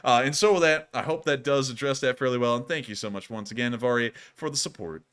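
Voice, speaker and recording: An American man hosting a casual livestream, with a bright, forceful voice. He rambles, stumbles over restarts and jumps into excited bursts. His talk is loose and chatty. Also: mid-range voice, quick pace, clear, resonant tone. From United States. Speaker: livestream host.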